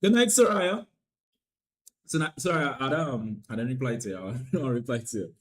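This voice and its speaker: A young man with a Trinidadian accent chatting casually on a live stream, playful and loose, repeating lines and swinging between loud hype and low mumbling. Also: expressive, fast.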